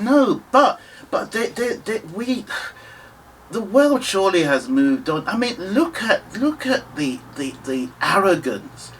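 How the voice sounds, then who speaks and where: A British man in his fifties, giving an earnest, impassioned monologue to camera, halting often and restarting his sentences. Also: a little high, fairly bright tone, a little hiss or hum, poor audio. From United Kingdom, Nigerian family. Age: 50s. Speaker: vlogger.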